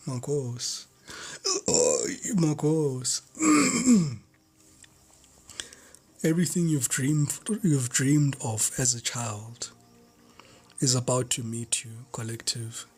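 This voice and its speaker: A man gives a collective tarot reading in a fervent, repetitive way. His voice is mid-pitched, and he often drops to a hushed whisper. Faint music plays behind him. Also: slightly rough. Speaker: tarot reader.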